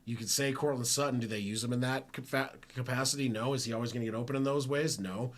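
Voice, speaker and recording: A man's voice: mid-range voice, steady tone, quick pace. A man hosting a live football reaction stream from home, talking casually in a rambling, self-correcting way. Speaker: sports stream host.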